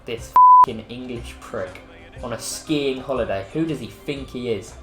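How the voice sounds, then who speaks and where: A grumpy, sweary Scottish football fan in a loud mocking accent, as a man puts him on. The voice rings in an echoey room with faint music behind. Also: medium pitch, unhurried, lightly acted. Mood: indignant. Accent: Scottish (put on). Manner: indignant, sweary grumbling.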